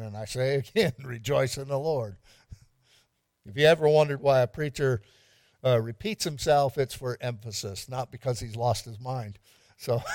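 A man's voice: medium pitch, a little mellow, no room sound, clean studio sound. A man pastor giving an interactive evening sermon, quizzing the congregation and repeating lines for emphasis with light humor.

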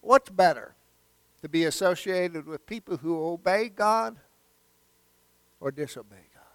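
A man's voice: sits high, expressive, a little slow, clean tone. A male pastor preaching a sermon with folksy, humorous storytelling.

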